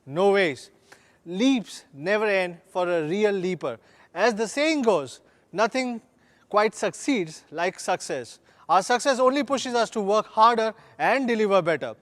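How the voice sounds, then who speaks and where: A middle-aged man, speaking in a notably high voice. He reads a scripted launch keynote, leaning on slogans with a steady, rousing cadence. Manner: rousing, slogan-filled corporate pitch with measured emphasis. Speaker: company executive giving a product launch keynote.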